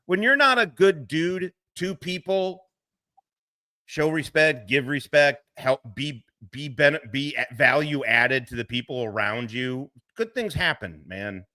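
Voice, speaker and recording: A man hosting a reaction stream, talking in a profane, casual way and laughing often. He swings between low mutters and loud outbursts. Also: unhurried, no echo. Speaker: streamer host, military veteran.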